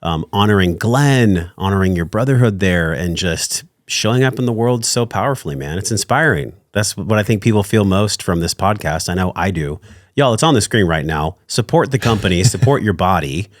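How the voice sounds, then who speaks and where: Earnest low-voiced male podcast host. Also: animated, normal speed, dry recording, studio quality. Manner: earnest, heartfelt, effusive thanks. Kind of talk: casual interview chat.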